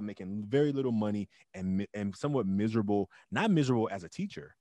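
Middle-aged guy telling his story, emphatic, gets loud, dry close sound, medium voice. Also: medium pitch, rapid-fire, hardly any pauses, no room sound. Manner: emphatic and animated, loud bursts. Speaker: interview guest, teacher and club founder. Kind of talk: casual interview storytelling.

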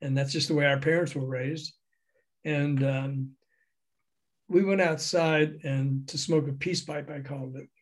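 Older man telling lively stories. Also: a little high, unhurried. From American South. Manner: animated, acts out the voices in his stories, laughs often. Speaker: guest recounting a music industry career. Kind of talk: anecdotal storytelling in an interview.

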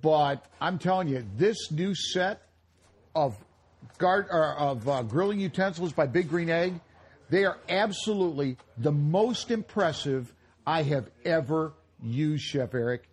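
Husky, jokey radio co-host man. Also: on the high side, lively intonation, unhurried. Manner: jokey, rambling, coughing now and then. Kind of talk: casual radio banter. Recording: live remote broadcast at a retail store.

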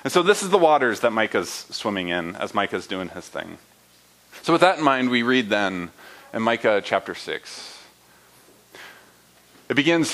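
A man's voice: fairly low pitch, big pitch swings, moderate pace, long pauses, fairly bright tone, poor audio. A young adult man preaching a sermon in a conversational way, often asking listeners rhetorical questions and checking in with "right?". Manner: uses fillers and "right?" often. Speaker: pastor.

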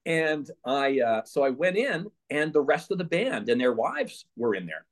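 A man telling lively stories as a guest in an interview. He acts out quotes and laughs through his anecdotes. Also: mid-range voice, normal speed, few pauses. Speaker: podcast guest, former page.

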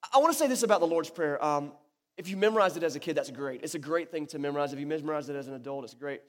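Pastor guy preaching in a church hall, kinda high voice, long echo, chatty with lots of restarts. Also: very fast. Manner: conversational and animated, with many restarts. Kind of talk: sermon.

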